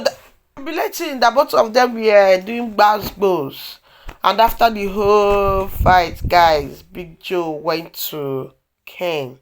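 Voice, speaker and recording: A woman with a Nigerian accent chatting through a casual movie recap, telling the story in an animated way with exclamations. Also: medium pitch. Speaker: movie reviewer.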